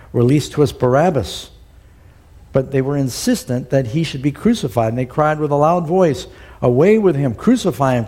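A middle-aged preacher reads scripture and breaks off to comment on it. His voice is mellow and a little husky. He throws himself into the quoted lines, raising his pitch and pressing on the words. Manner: acts out the quoted lines with rising pitch and emphasis. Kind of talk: sermon, reading scripture with commentary.

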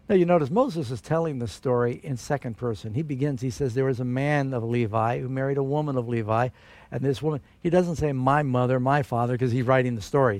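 A man preaching a sermon, telling a Bible story in an animated way with strong rises for emphasis. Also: medium pitch, no room sound.

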